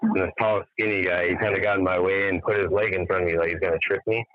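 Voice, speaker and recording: A man with a very low voice tells a rambling, profane story over the phone, switching into the voices of the people in it. He sounds worn out from a sleepless night. The line is tinny and dry, with no room around it. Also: quick pace, no echo. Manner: animated storyteller, swears freely, acts out quoted dialogue. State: tired after staying up all night. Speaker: musician guest. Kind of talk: casual phone interview storytelling.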